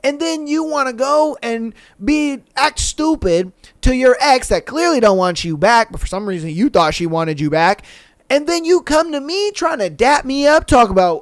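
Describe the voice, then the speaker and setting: A man's voice: extremely high pitch, expressive, normal speed, no echo, clean studio sound. A man hosting a podcast, giving a casual, profane, slang-heavy recap and mimicking the people he talks about. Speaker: podcast host.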